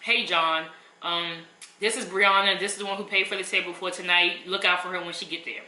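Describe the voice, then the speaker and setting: A woman's voice: lowish voice, fairly even intonation, brisk, sharp tone, echoey room, poor audio. A young woman, telling a story casually and emphatically while eating. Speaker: vlogger.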